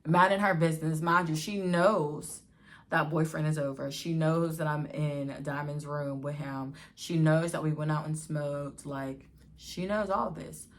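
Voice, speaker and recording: A young woman vlogger telling a casual storytime in an animated, slangy way, acting out what people said. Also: deep voice, a little slow.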